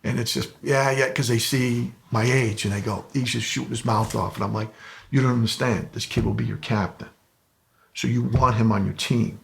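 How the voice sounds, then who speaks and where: A man, a high school football coach, telling earnest stories in a documentary interview. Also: fairly even intonation, moderate pace, gravelly, slightly rough. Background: music.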